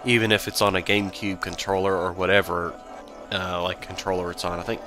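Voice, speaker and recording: A man's voice: sits low, level tone, fairly quick, over music. A man casually commenting on a video game he plays, rambling, joking and correcting himself. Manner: rambling, jokey, self-correcting. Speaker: let's play host.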